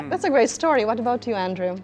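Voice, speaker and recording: A woman's voice: fairly high pitch, very animated, fairly quick, a little mellow. A woman hosting a TV talk show, asking guests brief, friendly questions. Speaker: TV host. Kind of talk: casual interview chat.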